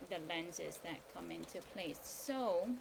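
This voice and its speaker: A woman hosting a daily video series, talking casually and hesitantly about law and spirituality, with many pauses and ums. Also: on the low side, creaky. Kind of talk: casual spiritual and legal talk. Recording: outdoor ambience with rain noise. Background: rain, birds.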